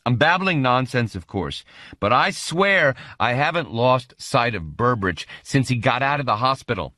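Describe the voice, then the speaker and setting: A man's voice: fairly low pitch, lively intonation, unhurried, fairly bright tone, dry recording, studio quality, voice pushed up. A male narrator voicing a flustered middle-aged agent who babbles apologetically.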